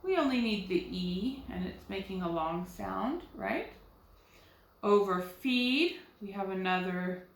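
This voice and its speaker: A first grade teacher, a woman, talking young children through a recorded phonics lesson with slow, clear explanations. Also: mid-range voice, a bit bright, reverberant.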